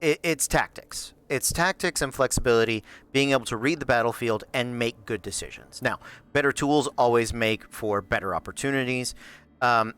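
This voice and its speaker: A man organizing a live game show, explaining the rules in a thoughtful, halting way. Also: mid-range voice, sharp tone, smooth. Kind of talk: casual live-stream explanation.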